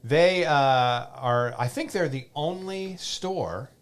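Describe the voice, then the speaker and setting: A man's voice: medium pitch, slow. A middle-aged man hosting a podcast, chatting casually and joking, often repeating himself. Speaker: podcast host. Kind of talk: casual chat. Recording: faint background noise.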